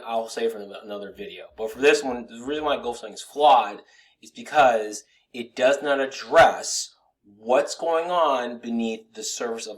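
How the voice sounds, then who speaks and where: A man's voice: medium pitch, a bit bright. A man coaching straight to the viewer in a loose, rambling talk, swearing and restarting his sentences. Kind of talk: casual motivational talk to camera.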